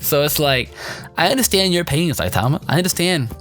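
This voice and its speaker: Man, excitable, slangy, rambling, animated pitch, casual anime review, faint music behind. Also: brisk.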